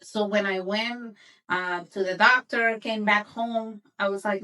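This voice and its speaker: Slow-talking woman telling her story. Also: mid-range voice, steady tone, sharp tone, distant mic, rough recording. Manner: earnest, emotional, repeats herself for emphasis. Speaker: podcast host and coach. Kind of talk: personal storytelling.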